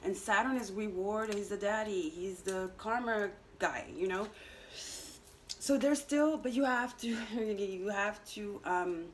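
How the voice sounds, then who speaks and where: A woman's voice: mid-range voice, slow, slight background noise, low-quality recording. A woman giving a casual astrology and tarot energy reading, talking straight to her viewers in a chatty, teasing way with lots of fillers and little laughs. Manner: chatty, teasing, full of "you know" fillers, laughs at herself.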